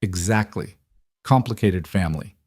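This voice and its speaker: A man reading as a gentle young dad. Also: deep voice, moderate pace, husky, no room sound, studio quality. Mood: tender. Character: adult male father, gentle and wry.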